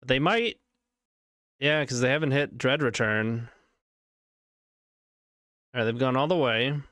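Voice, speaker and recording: A man's voice: medium pitch, a little slow, a bit bright, no room sound, clean studio sound. A man streaming a card game, talking casually through each play and reacting as it unfolds. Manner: casual running commentary, reacting to plays. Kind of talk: live card game commentary.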